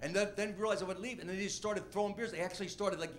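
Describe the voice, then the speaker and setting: A comedian telling a rambling, animated story about his early stand-up gigs. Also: high voice, rapid-fire, background noise. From Washington D.C. area. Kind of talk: storytelling interview.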